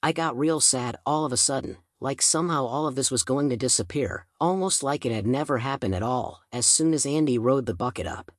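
A man narrating a first-person audiobook in a steady storytelling manner. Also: mid-range voice, fairly quick, hardly any pauses, no echo, clean studio sound.

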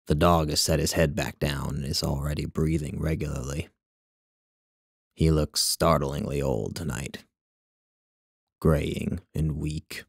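A man reading his own short story aloud as a measured, wry literary narration. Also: extremely low pitch, fairly even intonation, vocal fry, breathy edge, no echo, studio quality.

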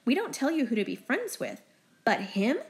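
A woman's voice: fairly high pitch, big pitch swings, moderate pace, voice pushed up. Woman reading as a seething, bitter mother. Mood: exasperated. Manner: seething, clipped and scolding. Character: furious protective middle-aged mother, cold and bitter.

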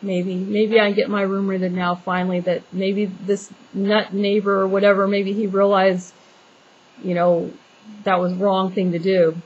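A woman rants to her viewers about troubles at home, exasperated and rambling, often stopping to restart a thought. Her voice sits at an ordinary middle pitch. A faint background noise hums under her speech. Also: little pitch movement, a little slow, a little mellow, highs cut off. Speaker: homeowner venting to viewers. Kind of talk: casual vlog rant.

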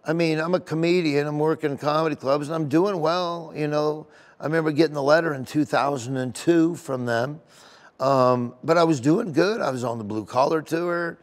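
A man's voice: on the high side, normal speed. A middle-aged man, a comedian, telling stories in an interview in an emotional, rambling way with many restarts. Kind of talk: sit-down interview storytelling. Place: golf tournament venue.

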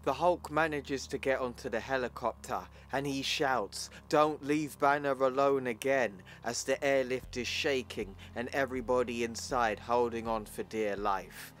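A man's voice: medium pitch, fairly even intonation, moderate pace, few pauses, a bit bright, a little hiss or hum. A man casually narrating a comic book plot in a plain, chatty retelling.

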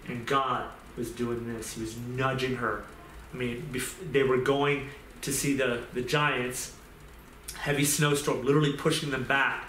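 A man's voice: medium pitch, little pitch movement, unhurried, fairly bright tone, slight background noise. A man giving an informal sermon in a conversational way, repeating phrases and restarting sentences as he goes. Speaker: pastor. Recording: roomy echo.

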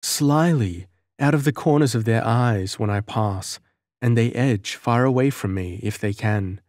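A man's voice: mid-range voice, measured pace, darkish tone, dry recording, studio quality, natural voice. A man voicing a lonely young village girl who pleads earnestly and tearfully, in a storybook reading. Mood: troubled.

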